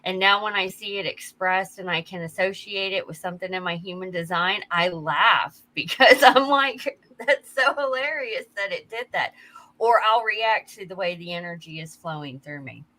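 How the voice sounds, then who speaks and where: A woman with a bright, clear voice co-hosts the talk. She speaks casually and openly about herself. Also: fairly low pitch, moderate pace, hardly any pauses. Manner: open, candid about herself. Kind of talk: casual chat.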